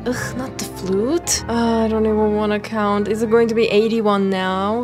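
A young woman streamer giving excitable commentary on her game pulls, pleading and squealing as the results come in. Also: medium pitch, moderate pace, faint music behind. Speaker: gaming content creator. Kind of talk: excited gacha-pull commentary.

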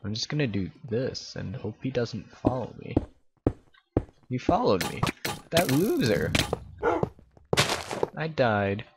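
Excitable young man narrating a game. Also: fairly low pitch, unhurried, very noisy. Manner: excitable, exclaiming and rambling. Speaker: gaming YouTuber. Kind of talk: casual gameplay commentary.

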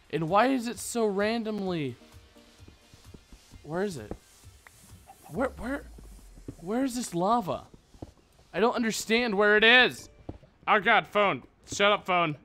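A man's voice: sits high, sharp tone. A young man giving casual let's play commentary, rambling and joking with his viewers. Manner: goofy, rambling, jokey asides to viewers. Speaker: gaming channel host. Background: faint background music.

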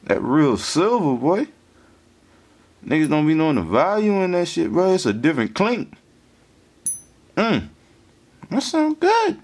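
A man in a casual vlog monologue, slangy and profane, giving shout-outs and business advice. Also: on the high side, very animated, unhurried, pauses often. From the Carolinas. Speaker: vlogger starting a business.

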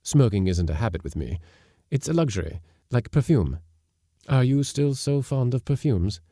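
A man reading aloud, voicing an earnest, self-assured gentleman who speaks intimately of the past. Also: medium pitch, animated, normal speed, no echo, studio quality.

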